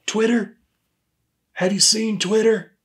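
A man's voice: sits high, steady tone, slow, a bit bright. An actor playing an exasperated male human resources supervisor in a comedy sketch, speaking in a dry, pointed way and repeating the officer's name.

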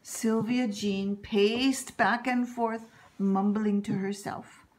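A woman reading a children's picture book aloud in an expressive, animated storytelling manner. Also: mid-range voice, slow, a little hiss or hum. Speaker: reader.

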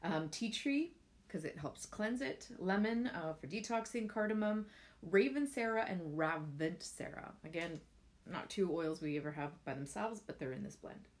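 A woman's voice: fairly low pitch, animated, moderate pace. A woman, chatting casually and heartfelt in a rambling way with lots of fillers. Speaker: vlogger sharing essential oil tips. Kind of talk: casual chat to camera.

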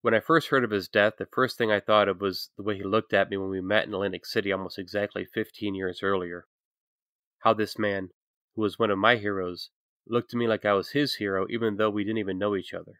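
A man giving earnest, measured scripted narration for a documentary. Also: on the low side, steady tone, fairly bright tone, dry recording, clean studio sound.

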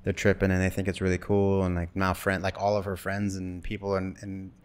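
Low-voiced man from Wyoming, rambling. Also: brisk, clear, resonant tone. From Wyoming, USA. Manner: rambling, animated, acts out quoted dialogue. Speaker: actor guest. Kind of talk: casual interview storytelling.

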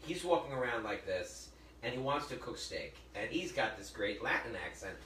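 A man's voice: mid-range voice, lively intonation, moderate pace, fairly bright tone. A middle-aged man hosting a casual cooking demonstration in a kitchen, chatting and joking with viewers and telling stories as he works. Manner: chatty storyteller, jokey asides to viewers. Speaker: cooking show host. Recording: echoey room from a distance, faint ambience.

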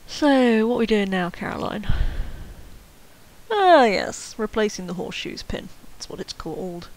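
A woman giving casual, wry commentary over her own gameplay, chatty and self-mocking, with sudden excited yelps. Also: mid-range voice, a little slow, a little hiss or hum, poor audio. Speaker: game streamer commentating.

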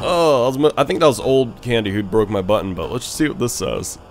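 Man playing a game, loud lively reactions. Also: lowish voice, fairly quick. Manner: swings between tense muttering and loud excited yelling. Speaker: gaming youtuber. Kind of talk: let's play commentary. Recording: game music behind the voice.

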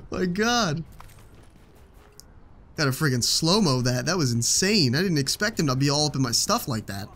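A man's voice: a little high, very animated, measured pace, long pauses, a bit bright. A young man giving casual, joking commentary while he plays a video game, swearing often. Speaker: gaming YouTuber.

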